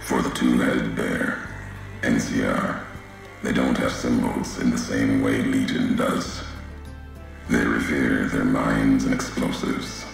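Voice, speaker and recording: An actor playing a grim, weary wasteland courier in a video game, speaking in a raspy, deep voice with slow, clipped, terse sentences. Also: male voice, very echoey, exaggerated voice.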